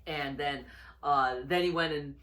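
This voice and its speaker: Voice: medium pitch, a little slow, sharp tone. A reviewer giving a casual recap of a wrestling episode, rambling with lots of fillers and restarts, and chuckling often.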